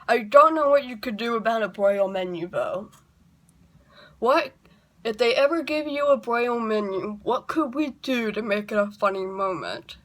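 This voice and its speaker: A woman's voice: fairly high pitch, animated, normal speed, fairly bright tone. A woman talking to camera in a casual vlog monologue, chatty and wry, rambling off into asides. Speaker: YouTuber.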